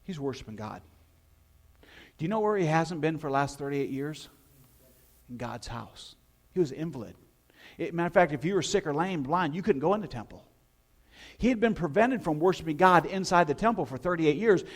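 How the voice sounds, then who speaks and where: A man preaching a sermon as pastor, telling the story in an animated way and putting questions to the congregation. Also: a little high, a little fast, pauses often.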